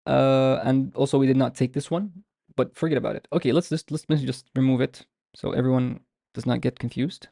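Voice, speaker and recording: A man's voice: mid-range voice, steady tone, creaky, mellow, no echo, studio quality. A man giving an online language lesson, explaining patiently and stretching out example words to show the sounds. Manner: explanatory, with frequent restarts and drawn-out example words. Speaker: language teacher.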